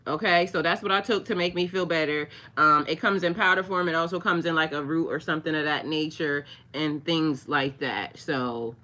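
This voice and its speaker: On her spiritual livestream, a woman speaks in a low-pitched, pushed and bright voice, keeping a steady tone at normal speed with hardly any pauses. She rambles in a chatty, filler-heavy way, talks directly to viewers, and mocks the trolls with scorn.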